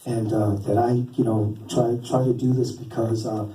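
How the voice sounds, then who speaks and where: A man doing stand-up storytelling, rambling and interrupting himself with a deadpan, teasing manner. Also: medium pitch, moderate pace. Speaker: stand-up comedian and cartoonist. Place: stage in a venue. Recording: roomy, distant live stage recording.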